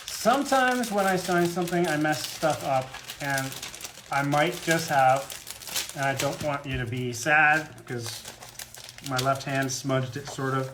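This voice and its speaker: A man's voice: a little high, background noise. A man chatting casually with fans on a live autograph stream, rambling and joking in a self-deprecating way. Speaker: guest voice actor at a fan autograph Q&A.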